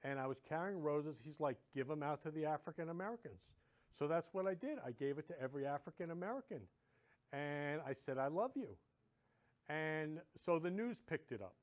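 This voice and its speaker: Man, host, slightly high voice, effusive, repeats himself, middle-aged. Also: animated, a little fast. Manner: gushing, effusive and repetitive. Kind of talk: casual monologue to viewers.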